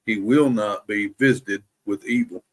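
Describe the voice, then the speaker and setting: Slow, deliberate man reading scripture. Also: on the low side. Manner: slow, deliberate reading, careful to pronounce every word. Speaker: host of a daily Bible reading live stream. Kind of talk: reading scripture aloud and chatting with viewers.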